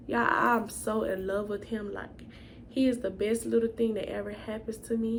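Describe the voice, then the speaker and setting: Chatty young woman with a gravelly voice. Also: on the high side, darkish tone, slight background noise. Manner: casual, chatty, addresses viewers as y'all. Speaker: vlogger. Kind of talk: storytime vlog.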